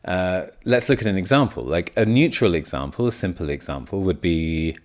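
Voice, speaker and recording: A man's voice: sits low, moderate pace, few pauses. A man hosting a podcast, patiently explaining English grammar and repeating his examples as he thinks aloud. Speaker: podcast host and English teacher.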